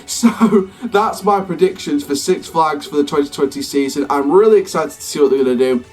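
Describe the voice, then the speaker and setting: A man's voice: fairly high pitch, moderate pace. Casual male YouTuber, chatty and self-correcting, faint music underneath. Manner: rambling, self-correcting, upbeat sign-off. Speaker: theme park YouTuber. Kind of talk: casual prediction vlog. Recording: slightly distant mic, faint music behind.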